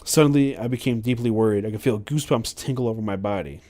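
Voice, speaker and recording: A man's voice: lowish voice, fast talker, warm tone. A man hosting a podcast, reading a memoir aloud with frequent stumbles and self-corrections. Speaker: podcast host.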